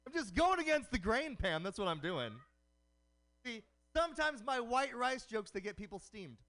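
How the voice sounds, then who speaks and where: A male stand-up comedian firing off punning jokes in a high voice. His pitch leaps up and down as he goes for laughs. The set is played live over the radio. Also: big pitch swings, fairly bright tone. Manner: punning, quick joke delivery. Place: comedy night broadcast on radio.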